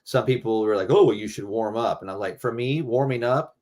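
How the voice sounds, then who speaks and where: A man's voice: fairly low pitch, fairly quick, darkish tone. A middle-aged man talking loosely and rambling, swearing freely, as a guest musician in a casual interview.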